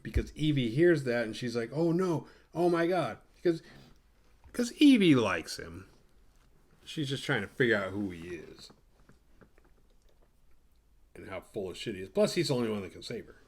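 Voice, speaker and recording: A man's voice: medium pitch, sing-song, normal speed, pauses often, husky. Profane rambling male podcast host. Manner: profane, rambling, acts out the characters. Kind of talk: casual movie recap.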